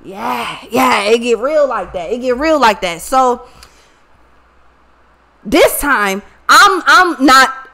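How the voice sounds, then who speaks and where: A woman talks straight to her viewers in a high, bright voice. She tells her story bluntly and with plenty of swearing, animated and casual. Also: slow, long pauses. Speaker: tarot reader and channel host.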